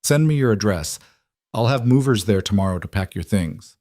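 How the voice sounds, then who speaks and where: A man voicing a powerful mafia boss who speaks in firm, commanding lines with a quietly gentle edge. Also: on the low side, animated, moderate pace, dry recording, studio quality, close to an everyday voice.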